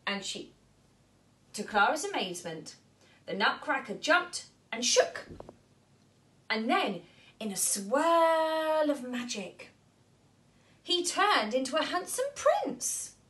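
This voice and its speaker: A slow, highly animated woman reads a picture book to young children, her pitch swinging widely. She pauses to ask the children questions as she goes. Her voice sits on the higher side. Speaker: nursery storyteller.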